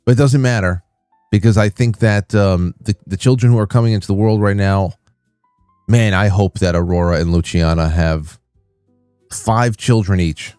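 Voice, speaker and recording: A male livestream host with a fairly low voice tells a rambling story, full of restarts and animated asides. His voice sounds close and dry, with faint music underneath. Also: normal speed, smooth, dry recording. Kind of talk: casual chat and storytelling.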